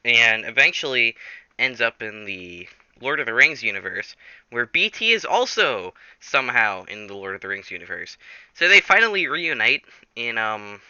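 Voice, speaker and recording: A man's voice: medium pitch, very animated, moderate pace, pushed and bright, clear, resonant tone, no room sound, dull audio. A man casually telling a rambling story, full of fillers and restarts, acting out the characters. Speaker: storyteller, channel host.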